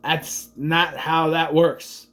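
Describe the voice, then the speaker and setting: A young adult man casually recapping and reviewing a movie, rambling and jumping into quick impressions of the characters. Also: fairly high pitch, level tone, a bit bright.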